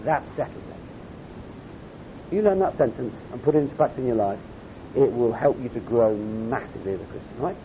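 A man preaches a sermon at a camp in a sing-song, fairly quick voice, earnest and direct, often asking his audience questions. The recording is dull and lo-fi with a faint rumble.

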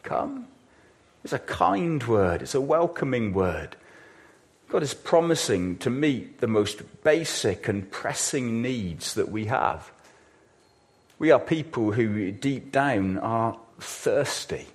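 A man preaching a sermon in a plodding, self-deprecating way, with sudden loud exclamations. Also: medium pitch, animated, slow.

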